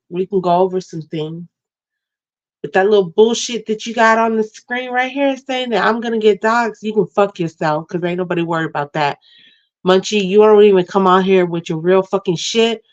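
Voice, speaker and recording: A woman tears into her critics on a livestream, swearing freely and talking trash with fiery heat. Her voice sits at an ordinary middle pitch for a woman. The stream audio is dull and lo-fi. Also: darkish tone. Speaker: livestream guest. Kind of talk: angry confrontational rant.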